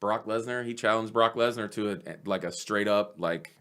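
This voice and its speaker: A comedian, telling stories in a casual podcast chat, animated and swearing freely. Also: male voice, on the low side, normal speed. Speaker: comedian guest.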